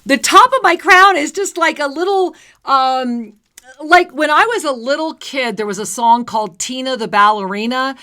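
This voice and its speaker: A woman's voice: high voice, normal speed, sharp tone. A woman co-hosting spiritual talk radio, effusive and sing-song, giving intuitive readings to callers. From New Jersey. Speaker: radio show co-host and intuitive reader.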